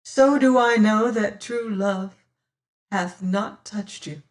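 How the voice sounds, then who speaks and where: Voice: mid-range voice, takes it slowly, echoey room, voice pushed up, lightly acted. A reader voicing a proud young woman pleading through tears in an audiobook. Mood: broken. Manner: pleading, breaking into sobs and whispers. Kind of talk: audiobook character reading.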